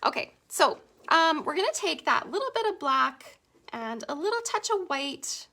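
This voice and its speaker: A woman's voice: high-pitched, big pitch swings, moderate pace, pushed and bright. A middle-aged Canadian woman chatting with viewers as she teaches a painting tutorial, giggling often. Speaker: painting instructor. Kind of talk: casual live painting tutorial.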